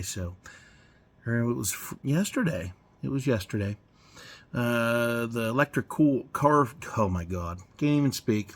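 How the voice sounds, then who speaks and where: A man in his forties rambling casually in his garage, swearing and chuckling as he goes. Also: fairly low pitch. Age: 40s. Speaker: garage vlogger. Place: home garage.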